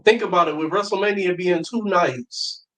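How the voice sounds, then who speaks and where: A man's voice: sits high, normal speed, fairly bright tone, rough recording. A young man co-hosting a sports podcast, talking bluntly and emphatically, with some swearing. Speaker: podcast co-host. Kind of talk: casual sports chat.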